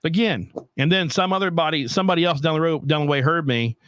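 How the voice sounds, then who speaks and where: A young man, the host, telling a travel story in an animated, profane rant. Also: a little high, fast talker, no echo. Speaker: podcast host. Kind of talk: casual storytelling.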